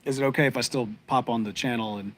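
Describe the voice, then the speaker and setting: A man's voice: medium pitch, fairly even intonation, fast, a little hiss or hum. Rambling, heartfelt man with a drawl. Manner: rambling and heartfelt, many fillers and restarts. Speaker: podcast co-host. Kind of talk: casual live-stream chat with viewers.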